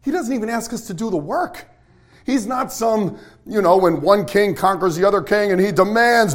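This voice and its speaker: Male pastor, higher voice, excitable sermon delivery with questions to the room. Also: normal speed.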